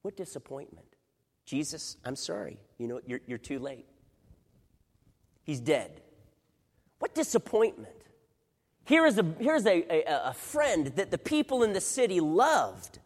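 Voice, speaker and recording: A man preaching a sermon, telling a Bible story dramatically, dropping to a hush and rising to near shouts, acting out the voices in it. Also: on the high side, very animated, measured pace, long pauses, big-room sound. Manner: dramatic, swings from hushed to loud, acts out quoted voices. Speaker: pastor.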